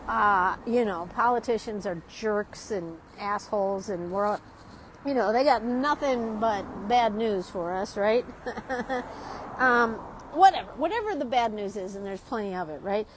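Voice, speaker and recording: Sitting at a city's outdoor street café, a woman who teaches art vlogs in a mid-range voice with lively intonation, talking a little slowly. She rambles casually, laughs a lot, and keeps adding "right?" to her lines, while street sounds and faint noise color the low-quality audio.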